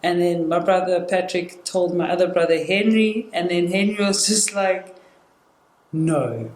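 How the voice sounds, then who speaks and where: A woman's voice: on the low side, level tone, moderate pace, darkish tone. A young woman telling a personal story in casual conversation. She retells it with energy and acts out the quoted dialogue. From South Africa. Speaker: guest sharing a personal story. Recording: roomy indoor sound with faint noise.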